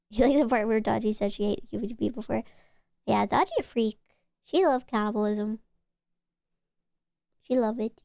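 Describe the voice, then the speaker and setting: A woman's voice: on the high side, moderate pace, vocal fry, long pauses, a little mellow, dry recording, studio quality. A woman streamer chatting casually with her viewers, rambling, playful and swearing freely. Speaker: VTuber streamer. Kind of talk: casual livestream chat.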